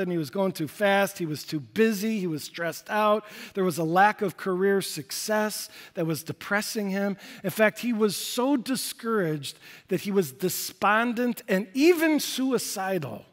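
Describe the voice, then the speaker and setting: A man preaching a sermon as a pastor, shifting between loud declarations and hushed, quiet passages. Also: high-pitched. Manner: dynamic, swinging from loud to hushed. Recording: long church reverb.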